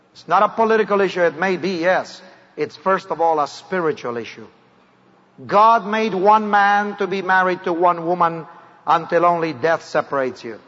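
A man from South America with a South American accent, preaching a sermon to a large crowd, moving from raised declarations to hushed low lines. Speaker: evangelist preacher. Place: large hall before a crowd. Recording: dull recording with long hall reverb.

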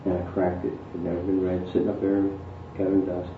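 A man's voice: low-pitched, completely flat delivery, fast. A man sharing a fervent personal testimony in a group discussion. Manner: fervent storyteller, quotes what the Lord said. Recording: tinny, echoey recording from far off with noise.

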